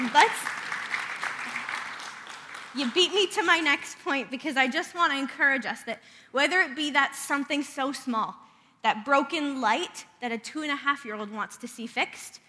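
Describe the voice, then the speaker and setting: With a high-pitched, sharp-toned voice, a female preacher earnestly mixes prayer with a family story during her sermon. The church sanctuary lends the recording a long, hall-like reverb.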